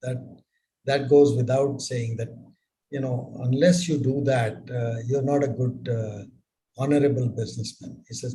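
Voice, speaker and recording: An older man giving business advice in a live mentorship session, speaking in a measured way with many rhetorical questions. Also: medium pitch, fairly even intonation, warm tone, low-quality recording.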